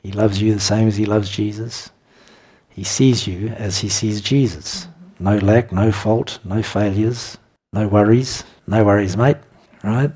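Husky-voiced man preaching a sermon. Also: lowish voice, fairly even intonation, measured pace, darkish tone. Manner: conversational, chuckles between points.

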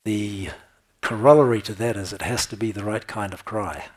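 A man with a low, husky voice delivers a sermon. He preaches with conviction and keeps checking in with his congregation through short tag questions like "right?" and "okay?". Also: fairly quick.

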